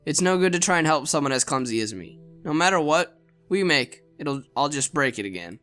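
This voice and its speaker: A man voicing a sweet, clumsy young woman Santa Claus in a visual novel read aloud, speaking softly and haltingly. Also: a little high, lively intonation, faint music behind. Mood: tearful. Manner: soft, tearful, faltering speech.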